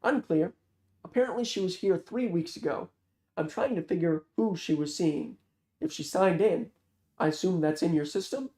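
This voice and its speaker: A man voicing a dry, guarded female FBI agent with quick comebacks in a read-aloud novel. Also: high voice, expressive, a little mellow. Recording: roomy echo.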